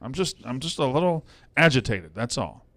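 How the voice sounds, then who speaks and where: A man's voice: mid-range voice, big pitch swings, moderate pace, fairly bright tone. A man hosting a casual sports betting show in a studio, swearing freely and worked up in heated rants. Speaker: host.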